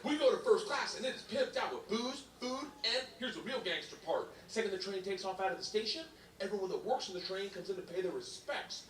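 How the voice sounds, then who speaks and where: A man's voice: high voice, brisk, hardly any pauses, fairly bright tone. A man in his forties telling a rowdy stand-up story, laughing and bellowing his punchlines. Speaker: stand-up comedian. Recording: stand-up clip played back in an echoey room from far off.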